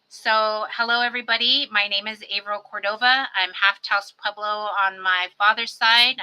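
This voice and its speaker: A middle-aged woman hosting a virtual event, welcoming guests with warm, chatty personal introductions over a video call. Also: mid-range voice, low-quality recording. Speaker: host.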